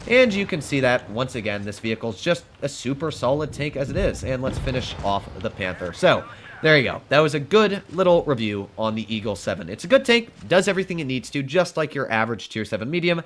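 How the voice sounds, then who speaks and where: A man with a mid-pitched voice runs through casual gameplay commentary for his channel. He keeps it chatty and playful and teases the opposing players as the match goes on. A faint hum of ambience sits under his voice. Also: big pitch swings, brisk. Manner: chatty, playful, talks to enemies while playing. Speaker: gaming channel host.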